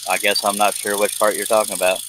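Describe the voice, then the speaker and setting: A man's voice: fairly low pitch, flat delivery, quick pace, noisy background. A man hosting a livestream, chatting in an easygoing, self-deprecating way. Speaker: artist and stream host. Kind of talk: casual livestream chat.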